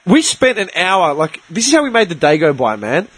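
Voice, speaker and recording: Brief: man, animated storyteller, high voice, dry mic. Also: moderate pace, breathy edge, no room sound. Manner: animated, swears freely, tells stories with put-on voices. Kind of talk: casual podcast chat.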